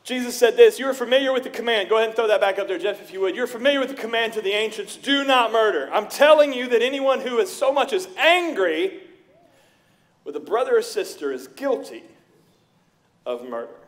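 A middle-aged man preaching a sermon as pastor, telling stories with lively voices for the people he quotes. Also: extremely high pitch, a little fast. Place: church sanctuary.

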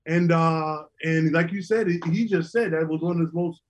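This ex-basketball player, now middle-aged, shares lively, casual stories about his recovery program in a voice on the high side at a normal pace.

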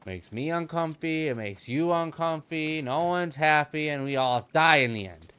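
A man's voice: fairly high pitch, normal speed, fairly bright tone, clean tone. A young man giving casual gameplay commentary as a channel host, goofy and rambling, swearing freely and joking to himself.

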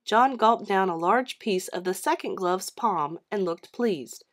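A woman reading a children's chapter book aloud as narrator, with an expressive storytelling delivery. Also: medium pitch, unhurried. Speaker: read-aloud host.

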